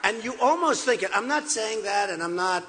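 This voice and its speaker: A man's voice: high-pitched, lively intonation, moderate pace, a bit bright, a little hiss or hum. An older man giving an off-the-cuff, repetitive campaign rally speech at a podium in a large hall. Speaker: political candidate. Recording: echoey hall.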